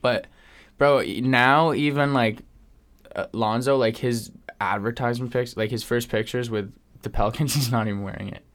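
A man's voice: mid-range voice, fairly even intonation, moderate pace, a bit bright. A man co-hosting a casual podcast, laid-back and joking, with lots of slang. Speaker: podcast co-host. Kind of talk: casual chat.

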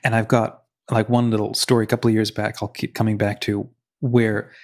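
A man's voice: flat delivery, brisk. A man co-hosting a faith podcast, telling stories in casual conversation and acting out the quotes inside them. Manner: storytelling, acts out quotes with rising pitch. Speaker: podcast co-host.

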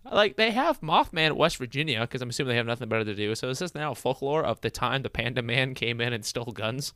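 A man's voice: mid-range voice, animated, fast, bright, forceful tone, no room sound, clean studio sound. A man co-hosting a podcast in casual comedic chat, riffing jokes. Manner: jokey, riffs with silly voices. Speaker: podcast co-host.

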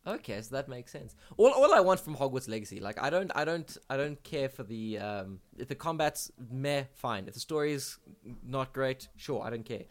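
A young man co-hosting a gaming podcast, chatting casually in an excitable, rambling way with lots of fillers and restarts. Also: medium pitch, moderate pace, few pauses. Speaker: podcast co-host. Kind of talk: casual chat.

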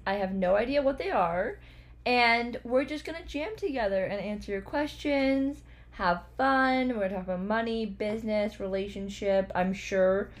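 Chatty hoarse woman podcast host. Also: medium pitch. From Canada. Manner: chatty and upbeat, laughs easily. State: hoarse, losing her voice. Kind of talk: casual chat.

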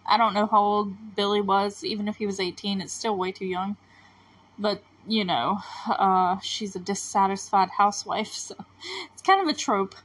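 A woman's voice: mid-range voice, normal speed, fairly bright tone, poor audio. A woman hosting a TV recap podcast, talking casually and rambling with lots of filler words. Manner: chatty and rambling, full of fillers.

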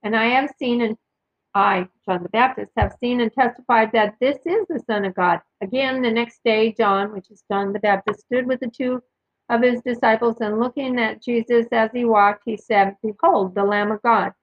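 A woman's voice: on the high side, normal speed, highs cut off. A woman hosting a podcast, reading scripture passages aloud and adding her own asides and verse references. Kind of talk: casual Bible reading with commentary.

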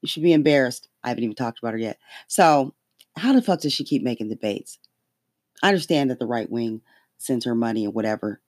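A podcast host in a casual political rant, talking in a profane, heated, emphatic way with sudden leaps in pitch when outraged. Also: quick pace, a little mellow, no room sound, clean studio sound.

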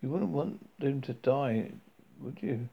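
A man voicing a patient, level-headed young woman in a story reading, coaxing gently. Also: mid-range voice, lively intonation, slow pace, creaky, breathy edge, full character voice. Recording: dull lo-fi recording.

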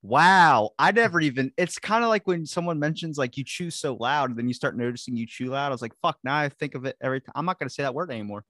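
Swearing Baltimore podcast host. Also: male voice, mid-range voice, no echo. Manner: fast, swearing, animated storyteller. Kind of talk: casual podcast chat.

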